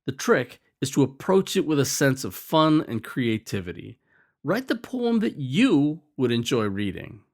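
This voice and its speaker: A man narrating an educational video on poetry, explaining in a lively, conversational way. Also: mid-range voice, measured pace. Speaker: teacher.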